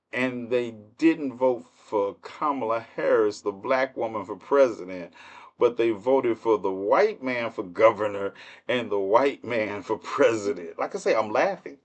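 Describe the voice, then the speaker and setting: A man's voice: on the low side, dull audio. A man hosting a livestream with casual political commentary, speaking in with a mocking, laughing, rhetorical manner. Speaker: livestream host.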